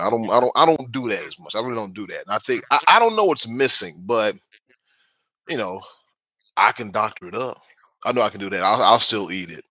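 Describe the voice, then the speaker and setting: A man with a South Carolina accent chatting easily as a podcast co-host. His voice sits fairly low but comes across bright and forceful. He tells stories in a relaxed, joking way, recorded dry and close. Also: no echo. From South Carolina, USA. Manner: animated storyteller, laid-back and joking. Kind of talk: casual chat.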